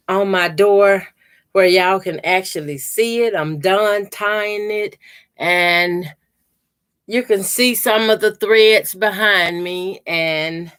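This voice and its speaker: A woman's voice: mid-range voice, a bit bright. A woman hosting a quilting channel, chatting casually on a home livestream, greeting viewers by name and showing her work to the camera. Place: home room by a door.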